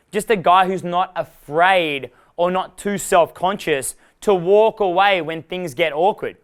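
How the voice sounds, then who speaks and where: Young male dating coach, raised voice, clean smooth tone, rambling and swearing, chuckles at himself. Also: a little high, fairly bright tone. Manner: rambling, profane, laughs at his own jokes. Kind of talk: live workshop talk.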